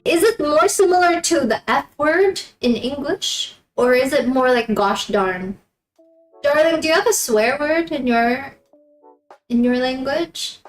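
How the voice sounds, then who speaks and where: Slow, giggly woman streamer. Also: high voice. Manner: giggly, laughs often between remarks. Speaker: live streamer. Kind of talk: casual chat with stream viewers. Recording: roomy echo, faint background music.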